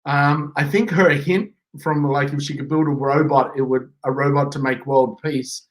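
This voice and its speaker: A man's voice: on the high side, steady tone, moderate pace, poor audio. A man co-hosting a giveaway livestream, joking and playful in casual chat. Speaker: co-host.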